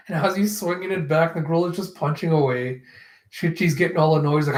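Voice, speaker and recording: Speaking fast in a steady, slightly high tone, this man reads through a comic chapter and reacts as a manga host. The sound is roomy, and he raises his voice to act out characters' dialogue, laughing frequently.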